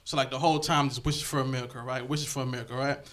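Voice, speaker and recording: A man's voice: mid-range voice, flat delivery, very fast, fairly bright tone. A young man from Connecticut performing a stand-up comedy set, talking loosely and conversationally. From Connecticut, USA. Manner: loose, conversational, slips into character voices for quoted people.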